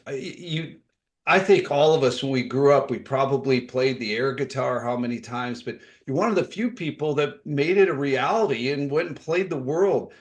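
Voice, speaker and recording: A man hosting a podcast interview, setting up his guest and asking eager, conversational follow-up questions. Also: mid-range voice. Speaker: podcast host.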